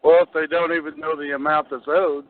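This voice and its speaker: A man with a slightly higher voice chimes in with short, agreeable remarks. The sound is dry and tinny, as if carried over a phone line. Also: level tone, fairly quick, no room sound. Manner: brief, agreeable interjections. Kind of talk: casual talk-radio conversation.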